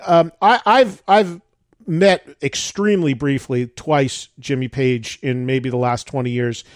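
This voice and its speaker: A man's voice: medium pitch, a little slow, no echo, studio quality. A man hosting an interview, asking long, rambling questions and thinking aloud. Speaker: radio and podcast host. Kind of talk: interview chat.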